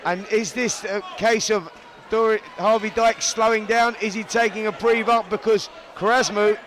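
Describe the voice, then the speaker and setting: High-voiced Cockney boxing commentator. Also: male voice, steady tone, a little slow, fairly bright tone, a faint crowd. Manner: chatty, matey, repeats himself. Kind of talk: live ringside commentary. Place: boxing arena.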